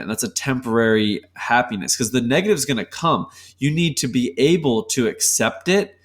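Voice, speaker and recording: A man of ordinary pitch co-hosts a casual podcast. He explains his ideas earnestly and at length, often restarting his sentences mid-thought. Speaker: podcast co-host.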